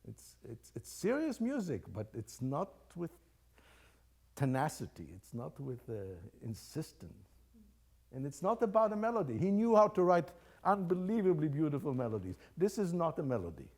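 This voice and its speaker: Coaching young players in a master class, this older man sings phrases aloud to show them how, staying encouraging and playful. His voice is a little high with a darkish tone, swinging widely in pitch at a normal speed. Faint chamber music plays in the background.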